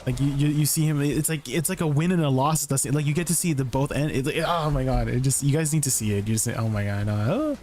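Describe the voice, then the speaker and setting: Rambling, excitable male streamer. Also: fairly high pitch, fast, hardly any pauses, slight background noise. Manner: rambling and excitable, full of likes and restarts. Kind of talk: casual live-stream chat.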